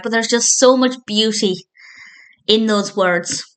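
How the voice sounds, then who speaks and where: A woman's voice: fairly high pitch, unhurried. A woman reviewing a TV episode in a casual spoken style, retelling scenes with thoughtful, enthusiastic commentary and small self-corrections. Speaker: film and TV reviewer.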